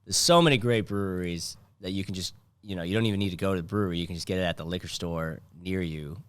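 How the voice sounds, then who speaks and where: A man hosting a casual comedy podcast, rambling and sardonic, breaking into loud mocking impressions. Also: low-pitched, fast talker, smooth, no echo. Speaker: podcast host. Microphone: studio mic.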